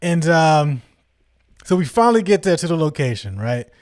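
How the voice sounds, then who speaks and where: A young man tells a story on his podcast with lots of energy, slipping into the voices of the people he quotes. His voice sits a little high for a man, and the sound is close and dry with no room around it. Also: normal speed, dry recording. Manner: animated, acts out quoted people, slangy. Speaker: podcast host. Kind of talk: casual storytelling.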